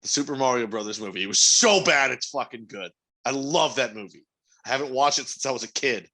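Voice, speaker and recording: A man's voice: medium pitch, a little fast, pushed and bright. A man co-hosting a podcast, talking in a casual, opinionated way and swearing freely. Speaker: podcast co-host. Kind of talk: casual chat.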